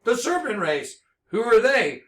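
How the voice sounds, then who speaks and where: Intense high-voiced man preaching. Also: roomy sound. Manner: intense and excitable, slow emphatic scripture reading then rapid storytelling. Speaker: religious speaker. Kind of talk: impassioned religious monologue.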